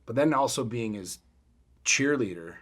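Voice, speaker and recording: A middle-aged man co-hosting a podcast, telling a story in a blunt, profane, animated way. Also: mid-range voice, measured pace. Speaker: podcast co-host. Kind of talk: casual chat.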